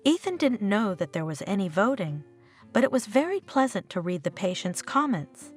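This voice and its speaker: A woman tells a scripted story, her pitch rising and falling in a lively, animated way. A faint guitar track plays softly underneath her voice. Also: moderate pace. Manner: lively, expressive reading with wide swings in pitch.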